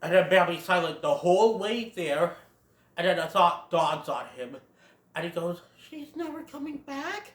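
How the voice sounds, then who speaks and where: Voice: medium pitch, moderate pace, roomy sound. A film reviewer retelling a plot in a casual, chatty way, laughing along. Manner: chatty, laughs at own jokes.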